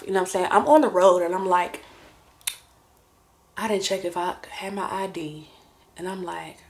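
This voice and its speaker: A woman in her twenties tells a personal story to the camera in loose, slangy talk and keeps turning to the viewer. Her voice sits a little low for a woman. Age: 20s. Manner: slangy, chatty, addresses viewer directly. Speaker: vlogger.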